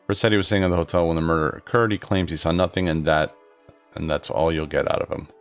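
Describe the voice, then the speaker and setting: A man giving relaxed, joking commentary while playing a video game. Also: low-pitched, quick pace, smooth. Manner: relaxed, joking asides, mumbled. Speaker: gaming channel host. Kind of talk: casual gameplay commentary. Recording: commentary over faint game music.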